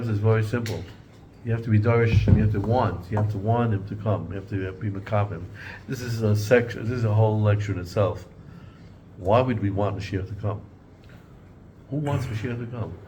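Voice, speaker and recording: A man's voice: on the low side, normal speed, darkish tone, a little hiss or hum. A man teaching an informal Torah class in a conversational way, often repeating and restarting words and mixing in Hebrew and Yiddish terms.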